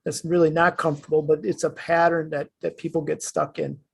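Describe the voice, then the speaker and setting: A man hosting an interview, affirming his guest and explaining calmly. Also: fairly high pitch, brisk, creaky, husky. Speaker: host. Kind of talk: reflective interview talk.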